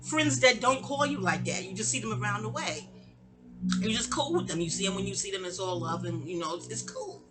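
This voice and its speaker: A woman's voice: fairly quick, loud music behind the voice. A middle-aged woman telling a long, rambling personal story and acting out the people in it. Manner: animated, digressive, acts out quoted voices with sharp pitch jumps.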